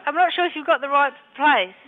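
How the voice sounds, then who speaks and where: A woman answering the phone at a cafe, polite, puzzled and prone to giggles. Her voice is high. It comes through a dull, muffled phone line. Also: fast talker, slight background noise. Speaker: cafe worker taking a call.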